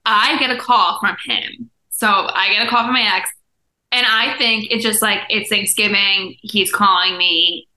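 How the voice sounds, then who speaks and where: Bright-voiced young woman in a roomy space. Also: mid-range voice, steady tone, a little slow. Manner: laughs often, chiming in. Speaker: podcast co-host. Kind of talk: casual storytelling chat.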